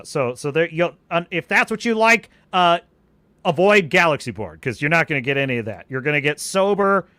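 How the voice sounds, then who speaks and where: Lively, bright-voiced male stream host. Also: fairly high pitch, dry recording. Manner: animated, rambling, restarts sentences. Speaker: podcast host. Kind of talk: live-stream chat answering viewers.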